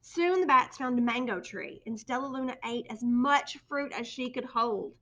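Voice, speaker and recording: A woman reading a children's picture book aloud with expressive storytelling. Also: a little high, normal speed, slight background noise. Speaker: storybook reader.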